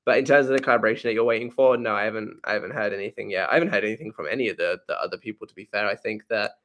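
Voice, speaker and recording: A man's voice: fairly low pitch, rapid-fire, a bit bright. A man hosting a live question-and-answer stream in a casual, rambling way, often correcting himself and laughing.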